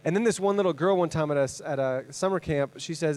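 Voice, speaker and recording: A man's voice: on the high side, fast, darkish tone. A man from Canada, a guest preacher in his thirties, opening his sermon in a chatty, rambling, self-deprecating way with many fillers. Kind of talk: casual sermon introduction.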